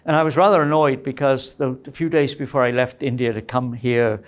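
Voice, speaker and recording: A man's voice: mid-range voice, steady tone, a little fast. A middle-aged man giving a university lecture in a conversational way, often checking in with his listeners by asking "right?" and "okay?".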